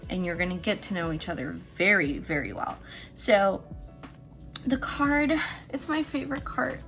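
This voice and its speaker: A woman giving a casual tarot reading who is excitable and jumps between hushed, low talk and squealing laughter. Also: moderate pace, faint music behind. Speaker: tarot reader.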